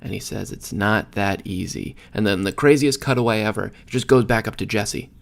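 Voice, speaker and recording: A young man co-hosting a podcast, casually recapping a sitcom episode with animated retellings and quick acted-out quotes. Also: on the low side, gravelly. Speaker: podcast co-host.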